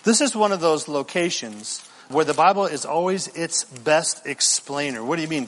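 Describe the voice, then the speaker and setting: A man's voice: on the high side, animated, unhurried, fairly bright tone, big-room sound. A man preaching a sermon as pastor, reading scripture emphatically and putting questions to the congregation.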